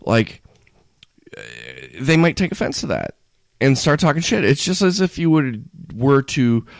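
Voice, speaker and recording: A man's voice: mid-range voice, a little slow, no echo, studio quality. A man co-hosting a podcast, rambling in casual chat with many restarts. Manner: rambling, restarts often, animated. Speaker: podcast co-host.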